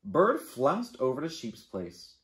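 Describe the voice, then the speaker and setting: A man, a children's librarian, reading a picture book aloud to kids in an animated, playful way. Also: a little high, slow. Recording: echoey room.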